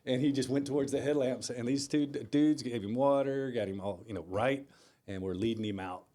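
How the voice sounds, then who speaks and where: Male podcast co-host, relaxed storyteller, lowers voice for serious moments. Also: fairly quick. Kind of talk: casual chat, storytelling.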